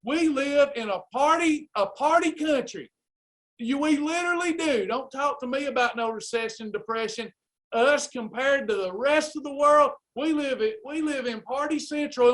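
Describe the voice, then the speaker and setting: With a normal pace and an extremely high, somewhat bright voice, a man delivers a pep talk to his live weight loss class. His encouragement is fervent and preacherly.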